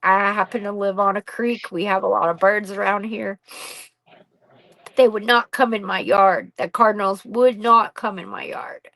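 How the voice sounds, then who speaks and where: A middle-aged woman speaks candidly about her own life, blunt and unfiltered, with casual swearing. Her voice sits at an ordinary pitch and is captured dry, with no room sound around it. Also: steady tone, moderate pace, fairly bright tone, dry recording, poor audio. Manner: blunt and raw, swears freely. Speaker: podcast guest, bereaved mother. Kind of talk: candid personal storytelling.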